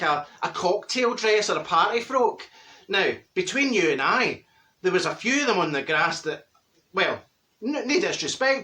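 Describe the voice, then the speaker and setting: Brief: a man playing a Glaswegian busybody woman, gossipy and vain, high voice with a sharp, bright edge. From Glasgow, Scotland. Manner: gossipy, cackling, full of wee asides. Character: chatty gossiping middle-aged Glasgow woman, vain. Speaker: comedy character monologue. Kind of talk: comic character monologue.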